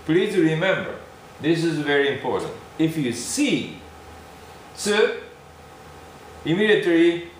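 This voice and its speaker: Slow-spoken teacher in a very echoey room. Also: male voice, fairly high pitch, very animated. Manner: slow, repeats syllables, checks in with "okay?". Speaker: Japanese language teacher. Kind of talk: classroom lesson. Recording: very echoey room with faint noise.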